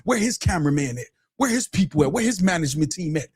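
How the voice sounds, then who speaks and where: A man's voice: fairly high pitch, lively intonation, fast talker, darkish tone, slightly rough. A man ranting profanely on a livestream, mocking his listeners and repeating phrases over and over. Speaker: streamer with his own platform. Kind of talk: angry livestream rant.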